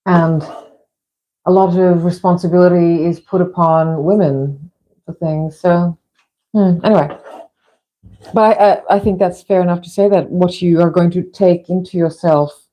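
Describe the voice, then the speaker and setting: A woman's voice: lowish voice, steady tone, measured pace, warm tone, rough recording. A middle-aged woman from Fiji chatting in a rambling way while filming a cooking session in her home kitchen. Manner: rambling, chatty, frequent restarts. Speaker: vlog host.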